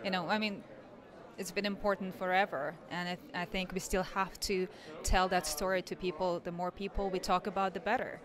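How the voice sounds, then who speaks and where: An actress with a Russian accent, a native Russian speaker from Siberia, answering interview questions in a soft, earnest way. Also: female voice, fairly low pitch, flat delivery, a little fast, a crowd in the background.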